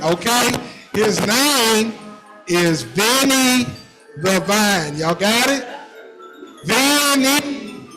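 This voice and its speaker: Slow-talking high-voiced man host. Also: pushed and bright, low-quality recording. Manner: slow, coaxing, leads a chant. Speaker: event host. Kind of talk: introducing a guest to children. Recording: music playing behind.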